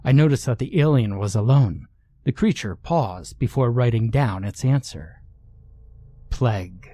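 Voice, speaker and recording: A man narrating a horror story in a measured, deliberate way. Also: medium pitch, animated, warm tone, no echo.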